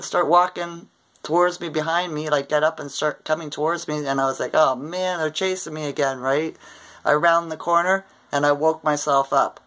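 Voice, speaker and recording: A woman's voice: sits low, a bit bright, rough recording. An older woman from Ontario, Canada, casually recounting a dream in a rambling way and often tagging her sentences with "right?". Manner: rambling, often adds "right?" tag questions. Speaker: vlogger.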